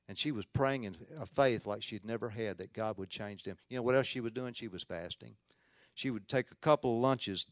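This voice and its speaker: A man preaching a sermon as a Baptist pastor, telling a story with earnest emphasis, often repeating and restarting words, dropping to hushed tones and rising to loud points. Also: mid-range voice, no echo, studio quality.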